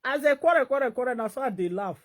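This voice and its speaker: A woman with a Nigerian Pidgin accent, talking in an animated, laughing vlog commentary. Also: high-pitched, fast talker. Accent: Nigerian Pidgin English. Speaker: vlogger.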